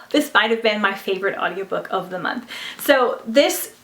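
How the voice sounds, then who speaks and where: A young woman runs a casual book review vlog, enthusing about audiobooks with plenty of fillers. Her voice is medium-pitched and a bit bright, with lively intonation and a slightly slow pace, recorded in an echoey room.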